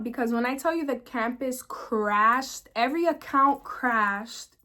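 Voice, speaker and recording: A young woman vlogging, telling a personal story in an animated, emphatic way, repeating words for emphasis. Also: fairly high pitch, normal speed, few pauses. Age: young adult. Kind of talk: storytime vlog.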